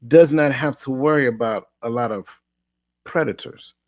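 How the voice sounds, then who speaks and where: A man hosting a coaching podcast in casual chat, animated and preachy, often repeating himself and laughing. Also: medium pitch, moderate pace, dry recording, clean studio sound. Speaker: podcast host.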